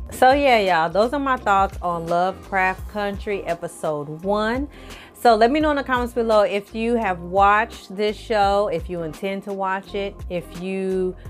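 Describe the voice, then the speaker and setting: A woman recapping an episode in a casual vlog, animated and profane, acting out the characters' lines as she tells it. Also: lowish voice. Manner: animated, profane storytelling with acted-out quotes. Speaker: film review vlogger.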